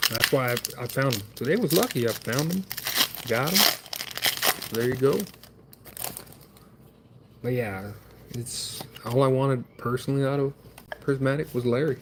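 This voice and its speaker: A man's voice: mid-range voice, unhurried, pauses often, noisy background. A man streaming himself opening trading card packs, chatting in a rambling, wry, self-deprecating way.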